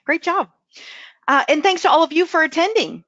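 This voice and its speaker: A woman's voice: very high voice, lively intonation, moderate pace, sharp tone, dry recording. A woman hosting a webinar who sounds upbeat and enthusiastic as she wraps up the session. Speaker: webinar host. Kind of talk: webinar wrap-up announcement. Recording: dull lo-fi webinar audio, dry.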